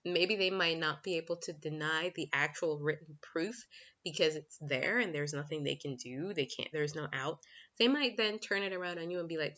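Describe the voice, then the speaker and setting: Woman, relationship coach, casual frank vlog talk, bright forceful tone, lo-fi home recording. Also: deep voice, moderate pace. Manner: chatty, frank, laughs often, breaks off to talk to her kids. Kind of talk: casual talking-head vlog.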